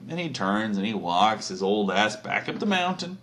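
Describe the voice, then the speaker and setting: A man's voice: on the low side, very animated, moderate pace, hardly any pauses, a bit bright. A man telling a crude, profane comedic story in a rambling, casual way.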